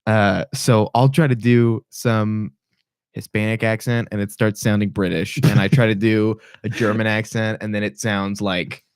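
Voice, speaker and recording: A young man hosting a podcast in casual chat, rambling with restarts and sudden jumps in pitch. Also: flat delivery, normal speed, clean tone, no echo, clean studio sound. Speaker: podcast host.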